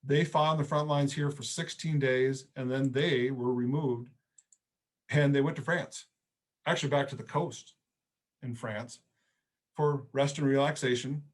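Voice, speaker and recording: Conversational middle-aged history lecturer. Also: male voice, medium pitch, steady tone, a little slow. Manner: conversational storytelling with casual phrasing. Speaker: history professor.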